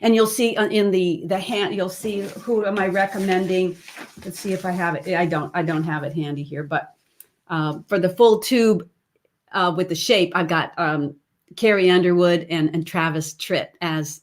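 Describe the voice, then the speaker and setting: A woman's voice: fairly low pitch, steady tone, normal speed. A woman voice teacher giving an online webinar lesson over a computer mic, chatty and explaining as she goes. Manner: chatty, demonstrates sounds and sung snippets mid-explanation.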